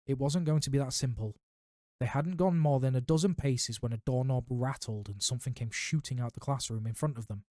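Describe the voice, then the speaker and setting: A man reads a novel aloud in a steady, unhurried narration, stumbling now and then. His tone is mellow and warm. The recording is dry and close, with no room sound. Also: medium pitch, no room sound. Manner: steady narration with small slips. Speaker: reader. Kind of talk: audiobook reading of a novel.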